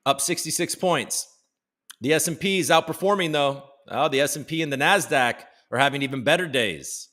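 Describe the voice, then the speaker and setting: A man's voice: fairly high pitch, normal speed, fairly bright tone. A man from the United States hosting a casual live stream from home, joking loosely and greeting chat viewers by name. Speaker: livestream host.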